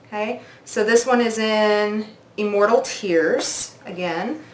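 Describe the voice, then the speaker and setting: A woman's voice: medium pitch, slow pace, echoey room. Gushing woman reviewing makeup. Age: 40s. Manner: gushing, oohing and aahing. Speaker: beauty vlogger. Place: indoors at a makeup mirror.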